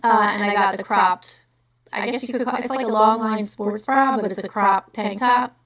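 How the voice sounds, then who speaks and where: A woman's voice: mid-range voice, fairly even intonation, fairly bright tone. A woman from New Jersey with a New Jersey accent, hosting a livestream in rambling, profane casual chat. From New Jersey, USA. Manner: rambling, profane, quick to laugh. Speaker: livestream host. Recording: echoey room, far from the mic.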